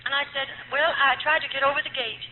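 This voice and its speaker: High-voiced lady from the states telling her story to a crowd, phone-thin old recording with long hall echo and hum. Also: fairly even intonation, fast talker. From United States. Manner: earnest storytelling, voice swelling and dropping with feeling. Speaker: former nun giving testimony. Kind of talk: emotional personal testimony to an audience. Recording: tinny lo-fi archive tape in an echoey hall, faint hum.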